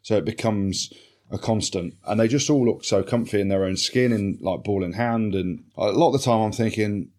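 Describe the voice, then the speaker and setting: An English man co-hosting a sports podcast, animated and swearing freely in casual banter. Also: lowish voice, moderate pace. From England. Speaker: podcast co-host.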